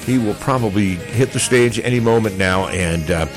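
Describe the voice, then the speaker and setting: A man's voice: fairly low pitch, normal speed, music in the background. A man in his sixties hosting a live radio pre-show from an outdoor concert, with upbeat, folksy announcer patter. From Nevada, United States. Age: 60s. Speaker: radio host. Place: outdoors at a parking lot concert stage.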